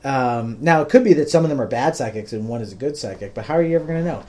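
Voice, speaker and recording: Guy hosting a podcast, relaxed dark voice, explains stuff slowly w lots of ums. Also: mid-range voice. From United States. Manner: patient, plain-spoken explaining with frequent ums. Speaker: podcast host. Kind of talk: casual explanatory podcast talk.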